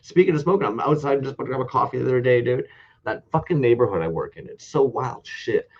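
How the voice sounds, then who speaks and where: A man's voice: medium pitch, animated, quick pace, darkish tone, slightly rough, muffled recording. A man co-hosting a casual online toy show, a rambling, profane storyteller. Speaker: podcast co-host. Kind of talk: casual chat with heavy swearing.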